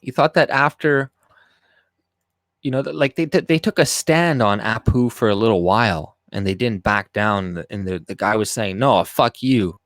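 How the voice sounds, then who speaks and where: A man's voice: lowish voice, normal speed, a bit bright, no echo, studio quality. A man hosting a casual livestream, rambling and swearing as he reacts to clips and chat. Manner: rambling, profane, with frequent restarts. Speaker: livestream host.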